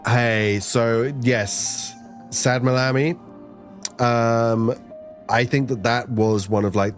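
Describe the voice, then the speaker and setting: A young man streaming a game on a team channel, chatting casually with his viewers in a rambling, playful way and now and then slipping into silly voices. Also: lowish voice. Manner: rambling, playful, talks to himself and chat, breaks into silly voices. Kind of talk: casual live-stream chat while gaming.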